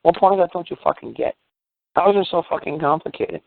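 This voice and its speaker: A man's voice: fairly high pitch, animated, fast talker, creaky, dry recording. A man on a call-in show, launching into a heated, profane rant full of rhetorical questions. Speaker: guest speaker on a call-in show. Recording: dry tinny phone line.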